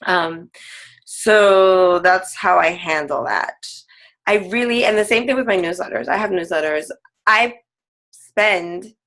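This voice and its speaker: A woman's voice: on the low side, fairly bright tone. A woman fitness coach, a guest on a team call, talking casually with lots of "like" fillers and frequent laughs. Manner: chatty, full of "like" fillers, laughs often.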